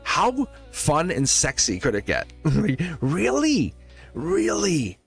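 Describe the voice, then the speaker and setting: A man's voice: a little high, huge pitch swings, slow pace, vocal fry, soft background music. A man hosting a live tarot reading, playful and laughing often as he talks to his viewers. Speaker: tarot reader and live stream host.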